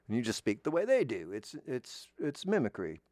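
A man's voice: medium pitch, wildly swooping pitch, moderate pace, darkish tone, no room sound. A middle-aged man hosting, talking in a casual monologue that rambles through restarts and asides. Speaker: host.

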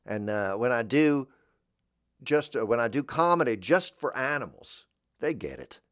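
A man's voice: medium pitch, very animated, unhurried, a bit bright, no echo, studio quality. A man doing a rambling comic monologue, drifting between topics and dropping in silly voices for the people he quotes. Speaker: comedian.

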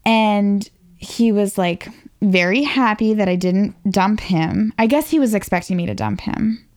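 A woman's voice: mid-range voice, unhurried, darkish tone. A woman in her twenties from Northern Virginia, chatting casually about her own past. She is self-mocking and says "like" often. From Northern Virginia, USA. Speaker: interview guest. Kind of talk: casual personal storytelling.

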